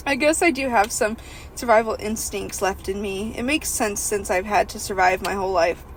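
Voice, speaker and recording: A woman's voice: medium pitch, moderate pace, slight background noise, rough recording. A woman hosting a comedy podcast, reading a novel aloud in first person and breaking off with jokes. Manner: reads in first person, breaks into laughter and asides.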